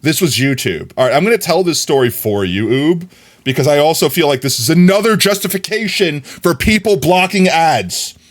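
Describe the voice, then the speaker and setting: A young man livestreaming, chatting casually with his viewers and telling stories in an animated way. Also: a little high, normal speed. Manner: animated storyteller, often laughing.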